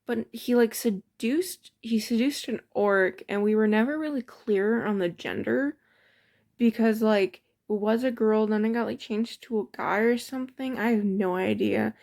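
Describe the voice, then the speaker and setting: A woman with a fairly high voice recaps a tabletop game session. She talks in a loose, rambling way, often breaking into giggles. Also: measured pace, gravelly, darkish tone. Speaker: storyteller. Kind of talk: casual storytelling of a tabletop game.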